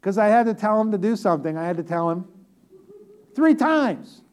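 A man's voice: high-pitched, expressive, moderate pace, a little mellow, smooth. A man preaching a conversational sermon, talking directly to the congregation with repeated phrases and joking asides.

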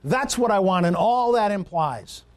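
High-voiced preacher building repetitive lists. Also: male voice, lively intonation, unhurried. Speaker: pastor. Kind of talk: sermon.

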